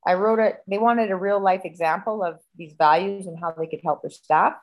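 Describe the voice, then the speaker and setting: A woman on a video call telling a personal story in a heated, profane, animated way. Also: mid-range voice, brisk, low-quality recording. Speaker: guest.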